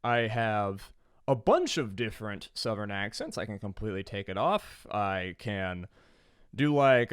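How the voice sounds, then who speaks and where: A man's voice: lowish voice, big pitch swings, measured pace, clean tone, dry recording, clean studio sound. A man from Georgia co-hosting a podcast, talking in a rambling, sardonic, profane way. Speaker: podcast co-host. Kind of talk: casual podcast chat.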